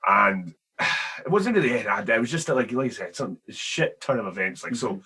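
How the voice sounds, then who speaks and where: A young man hosting a podcast, telling a story in a casual, animated way with plenty of swearing. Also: mid-range voice, moderate pace, slightly rough. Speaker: podcast host. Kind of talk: casual chat.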